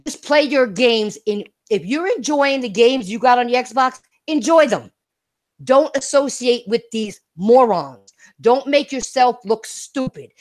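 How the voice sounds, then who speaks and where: A woman hosting a casual gaming talk stream, brash and profane, laughing hard and repeating herself. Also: high-pitched. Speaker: streamer and podcast host.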